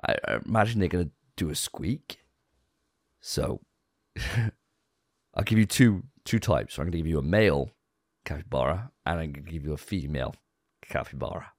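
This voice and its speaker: A man's voice: very deep voice, expressive, moderate pace, long pauses, no echo, studio quality. A man co-hosting a gaming podcast, talking in a chatty way. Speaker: podcast co-host. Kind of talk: casual gaming podcast chat.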